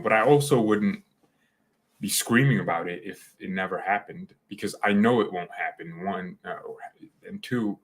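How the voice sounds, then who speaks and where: Rambling, excitable young man. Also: low-pitched, normal speed. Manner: rambling and excitable, full of slang, frequent restarts. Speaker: streamer. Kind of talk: casual live-stream chat.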